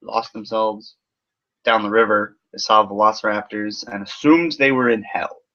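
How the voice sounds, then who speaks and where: A man's voice: lowish voice, fairly even intonation, moderate pace, fairly bright tone. A man giving a casual, rambling film review full of sarcasm and swearing. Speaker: movie reviewer. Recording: dull lo-fi recording.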